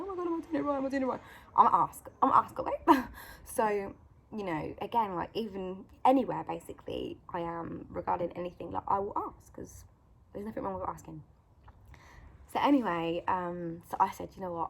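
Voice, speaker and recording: A woman's voice: medium pitch, vocal fry, slight background noise. A woman telling a story to her phone camera, chatty and full of "like" and "you know", acting out the other people in it. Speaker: vlogger sharing encouragement. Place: outdoors in sunlight. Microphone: phone camera at arm's length.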